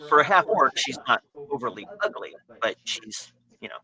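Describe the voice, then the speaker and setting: A man narrates a tabletop adventure as game master, with a very bright, forceful tone. He describes scenes casually and plainly. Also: medium pitch, very animated, normal speed, vocal fry, poor audio.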